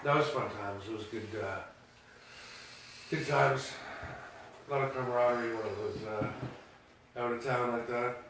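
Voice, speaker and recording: A man's voice: medium pitch, fairly even intonation, measured pace, long pauses, noisy background. A man co-hosting a podcast, telling laid-back anecdotes in casual chat and laughing through them. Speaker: podcast co-host. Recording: roomy echo, distant mic, faint ambience.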